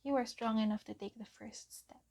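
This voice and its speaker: Soft-spoken woman from the Philippines, gravelly. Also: on the high side, fairly even intonation, fairly quick. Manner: gentle, soft-spoken, often drops to a whisper. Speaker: tarot reader. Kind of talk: pick-a-card tarot reading.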